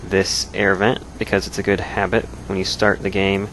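A man's voice: low-pitched, completely flat delivery, moderate pace, a bit bright, a little hiss or hum. A man hosting a let's play, giving casual gameplay commentary in a joking, explanatory way with frequent chuckles.

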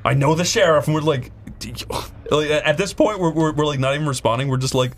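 A man's voice: fairly high pitch, quick pace. A man hosting a gaming show, telling a casual, rambling anecdote full of fillers and restarts while he plays. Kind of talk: casual storytelling over gameplay.

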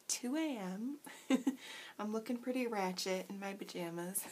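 A woman's voice: mid-range voice, unhurried, a little hiss or hum. A woman vlogging a casual craft tutorial from home late at night, chatty and self-deprecating, giggling often and talking around a cough drop.

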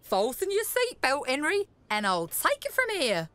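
A woman's voice: high-pitched, normal speed, dry recording, full character voice. A woman voicing a friendly, eager young fire engine in a children's cartoon. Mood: eager, kind. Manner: lively, encouraging. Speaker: talking vehicle in a cartoon.

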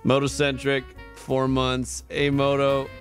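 Thanking subscribers one at a time, a tired but upbeat male streamer chats casually and laughs often. His mid-range voice is monotone and slow, and faint music plays in the background.

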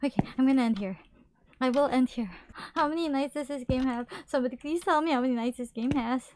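A woman's voice: high-pitched, fast, noisy background. A woman streaming a horror game, jumpy and swearing, shrieking and whimpering as she plays. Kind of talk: live horror gameplay commentary.

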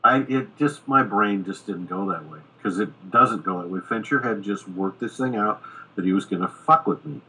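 A middle-aged man with a low, husky voice that carries a bright, forceful edge. He tells a long anecdote in a casual interview, slipping into the voices of the people he quotes. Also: moderate pace, low-quality recording. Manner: animated anecdote-telling, acting out quoted dialogue. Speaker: screenwriter guest. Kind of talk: casual storytelling in a podcast interview.

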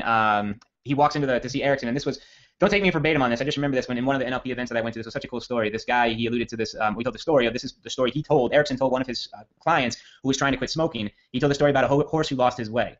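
Fast-talking man teaching copywriting, lo-fi sound. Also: medium pitch. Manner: rambling, self-correcting, energetic storyteller. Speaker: copywriting trainer. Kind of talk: casual training talk with storytelling. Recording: dull lo-fi audio.

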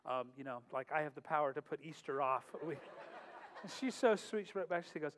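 Middle-aged man, pastor host, high-pitched, casual and joking, echoey church with faint music. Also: expressive, fairly quick, fairly bright tone, slight background noise. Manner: joking, chatty, laughs often. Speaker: pastor hosting a worship night. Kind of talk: casual humorous talk and prayer. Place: church sanctuary. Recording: long hall reverb, faint music.

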